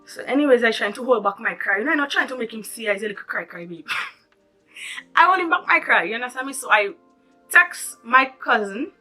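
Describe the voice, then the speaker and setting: With faint music in the background, a woman vlogger with a lilt tells her story to camera at a fairly high pitch and a little fast. She's animated and dramatic, her voice bright and forward, and she keeps addressing viewers with asides in this storytime vlog.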